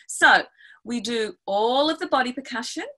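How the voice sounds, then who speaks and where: A middle-aged music educator leads a webinar, walking through classroom activities step by step and acting out how she talks with her class. Her fairly high voice is pushed and bright, with lively intonation at a moderate pace. The audio quality is poor.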